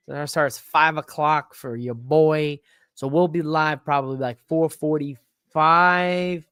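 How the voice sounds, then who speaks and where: Excitable male podcast host, higher voice. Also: slow, clean tone, no echo, clean studio sound. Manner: excitable, rambling, swears freely. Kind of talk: casual solo wrestling recap.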